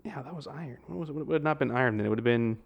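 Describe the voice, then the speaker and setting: A young man co-hosting a podcast, chatting in a loose, rambling way. He swears freely and laughs often as he tells his stories. His voice sits in an ordinary middle pitch. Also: rapid-fire, vocal fry, dull audio. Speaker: podcast co-host. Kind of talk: casual chat.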